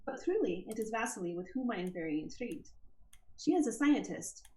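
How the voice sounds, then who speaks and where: A woman's voice: medium pitch, very animated, brisk, warm tone, roomy sound, close to an everyday voice, poor audio. A woman putting on an accent to voice a formal, earnest young wanderer who is reading her own letter aloud. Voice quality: put-on character accent.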